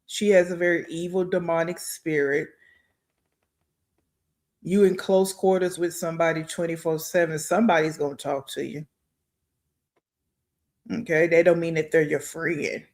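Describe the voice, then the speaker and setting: A man's voice: a little high, flat delivery, moderate pace, pauses often. A man giving blunt, scornful commentary as host of a reaction video.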